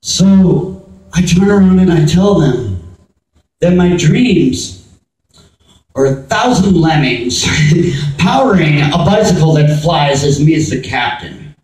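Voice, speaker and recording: A man's voice: fairly high pitch, lively intonation, slow pace, pauses often, darkish tone, far from the mic. A man from the US East Coast doing a rambling stand-up set, interrupting himself and laughing at his own jokes. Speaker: stand-up comedian. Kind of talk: open-mic stand-up set. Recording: echoey venue, mic from afar.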